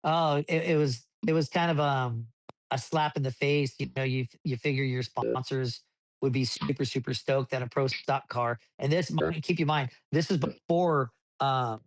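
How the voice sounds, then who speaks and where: A man's voice: medium pitch, normal speed, dry recording. Rambling man, dry close mic. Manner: rambling with frequent restarts, animated when retelling. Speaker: desert racing driver, podcast guest. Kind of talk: casual interview storytelling.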